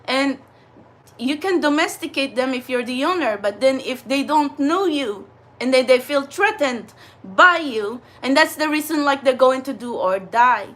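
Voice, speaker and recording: A woman with a high, bright voice chats away in a casual vlog. She rambles with lots of fillers and restarts, and she laughs easily as she talks. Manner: chatty, animated, frequent laughs and fillers. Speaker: vlogger and spiritual channeler. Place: New York City area.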